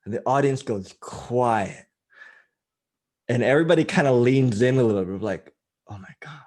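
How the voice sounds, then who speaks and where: A man's voice: medium pitch, expressive, moderate pace, a little mellow. Chatty man telling a funny story. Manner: chatty, filler-heavy, self-mocking. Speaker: guest, life coach. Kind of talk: casual anecdote storytelling.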